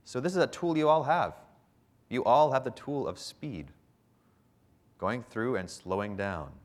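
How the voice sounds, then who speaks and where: A man's voice: medium pitch, animated, measured pace. A man leading a public speaking workshop for a live group, talking emphatically and shifting his pace to stress points.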